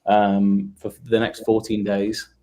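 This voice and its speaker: Low-voiced relaxed man. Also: takes it slowly, faint music behind. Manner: relaxed, many fillers, promotional. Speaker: guest from a project team. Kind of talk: casual live audio chat.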